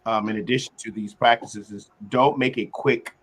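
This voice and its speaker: A man hosting a casual group discussion, talking earnestly about self-reflection and turning animated when he acts out examples. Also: lowish voice, moderate pace, breathy edge. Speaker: host.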